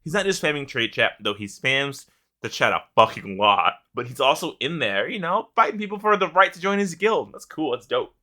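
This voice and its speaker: A man co-hosting a casual gaming podcast, telling an animated story with plenty of swearing and laughter. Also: mid-range voice, fairly quick. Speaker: podcast co-host.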